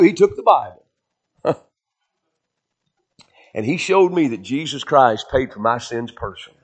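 A man's voice: mid-range voice, lively intonation, unhurried, long pauses, husky. A middle-aged man preaching a revival sermon in a church, telling his own story in an earnest, conversational way with repeated phrases. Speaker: pastor. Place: church sanctuary.

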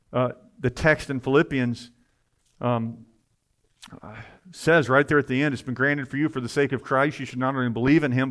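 Fervent male preacher. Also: mid-range voice. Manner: rising to loud, fervent emphasis, with quick asides. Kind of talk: sermon.

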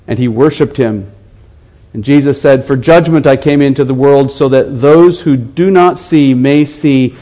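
A man preaching an expository sermon in an earnest way, repeating phrases for emphasis and swinging from hushed to raised. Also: medium pitch, rough recording.

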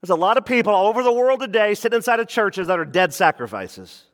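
A male pastor delivers a lively sermon, jumping into quick mock voices and joking asides. His voice sits rather high for a man. The sound carries a long reverb, like a big hall.

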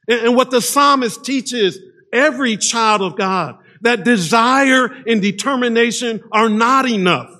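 High voiced preacher man, slow deliberate sermon, punches the key words. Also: animated. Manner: emphatic, swings between loud stress and low hushed lines. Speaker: pastor.

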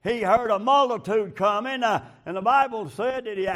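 A man preaching a sermon, leaning on a filler before each phrase and building up to shouting. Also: high voice, normal speed.

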